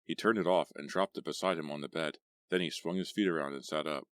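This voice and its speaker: Deep male storyteller, steady read, dead dry booth sound. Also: fast talker, no room sound. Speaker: audiobook narrator. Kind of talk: scripted horror audiobook narration.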